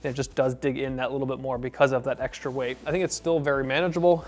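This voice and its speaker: A man's voice: medium pitch, fast. A man giving a casual, rambling gear review, with fillers and self-corrections as he shows bags. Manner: relaxed, rambling, with fillers and restarts.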